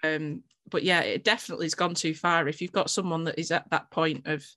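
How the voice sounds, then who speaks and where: A woman's voice: sits low, steady tone, brisk, bright, forceful tone. A woman hosting a podcast interview, reflective and thinking aloud with tag questions. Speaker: podcast host. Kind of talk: conversational interview.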